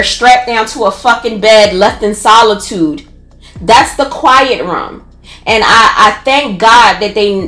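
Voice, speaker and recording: A woman with a Philadelphia accent tells a story casually, with lots of animation and swearing. Her voice sits a little high. The recording has a roomy echo around it. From North Philadelphia. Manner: animated, profane, laughs while telling. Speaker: podcast storyteller.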